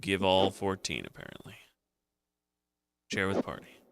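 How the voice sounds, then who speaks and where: Gravelly man muttering through a game stream. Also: deep voice, animated, unhurried, a bit bright, dry recording, studio quality. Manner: muttering to himself while playing. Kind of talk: casual let's-play commentary.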